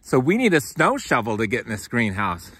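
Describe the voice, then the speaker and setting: A man in his forties with a bright, forward voice walks and talks through a snowy farm, filming himself on a handheld camera. He is casual and upbeat with his viewers and keeps calling them guys. He is out of breath from shoveling snow. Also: medium pitch, wildly swooping pitch, brisk, slight background noise. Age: 40s. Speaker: farmer and channel host. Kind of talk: casual walk-and-talk farm vlog. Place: outdoors in snow and inside a greenhouse.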